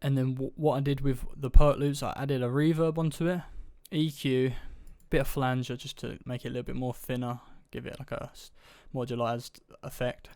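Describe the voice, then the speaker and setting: A man casually talking through how he built a beat step by step, in a relaxed, offhand tutorial voice-over. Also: medium pitch, dry recording. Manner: relaxed, offhand, loose run-on steps. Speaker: beat producer explaining his process. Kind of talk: casual screen-recorded production tutorial.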